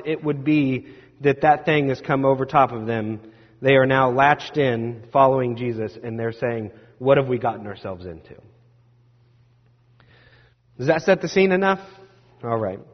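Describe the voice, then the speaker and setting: A man preaching a sermon, telling a self-deprecating personal story in a lively way. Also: a little high. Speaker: pastor. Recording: dull sound with long hall reverb.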